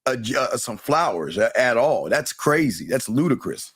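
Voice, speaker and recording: A man's voice: mid-range voice, very animated, moderate pace, fairly bright tone, slightly rough, no room sound, clean studio sound. A man hosting a live call-in show, quizzing callers and cutting them off when they ramble. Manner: bossy, impatient with callers.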